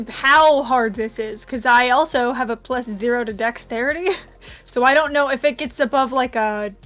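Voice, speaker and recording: High-pitched chatty woman player. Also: a bit bright. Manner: chatty, laughing, lots of fillers. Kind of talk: tabletop game role-play.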